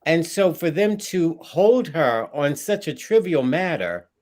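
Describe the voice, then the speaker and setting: A man's voice: on the high side, sing-song, a little slow, darkish tone. A man on a talk panel, making his points emphatically with frequent ums. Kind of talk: casual debate.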